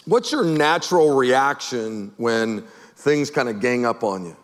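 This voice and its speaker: A man preaching a sermon as pastor, animated and emphatic, firing off rhetorical questions at his congregation. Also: medium pitch, unhurried, in a large hall.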